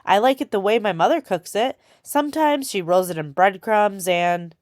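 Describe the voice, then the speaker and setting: A woman voicing a spirited, quick-witted young girl who chatters and pushes back boldly. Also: mid-range voice, darkish tone, no room sound, studio quality, voice pushed up, close to an everyday voice. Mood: chattering. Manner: chattering, then defiant and tearful.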